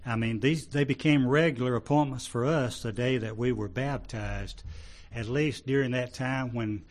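A man preaching a sermon to his congregation, halting and full of restarts, rising loud when he reads scripture and dropping low between. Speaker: pastor.

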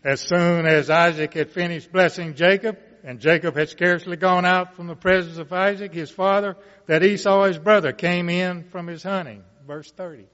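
A man preaching, reading Bible passages aloud and commenting on them in a slow, deliberate way with emphatic rises. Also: sits high, fairly even intonation, a bit bright. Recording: muffled sound with long reverb.

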